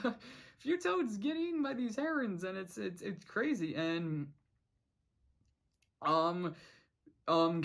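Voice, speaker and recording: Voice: mid-range voice, a bit bright. A cartoon reviewer recapping an episode in a casual vlog, rambling with many restarts and quoting the characters' lines.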